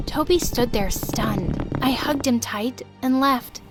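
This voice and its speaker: Young female storyteller, high voice, dramatic expressive narration. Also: slow, hardly any pauses, music in the background. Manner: dramatic, expressive first-person telling. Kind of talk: first-person storytime narration.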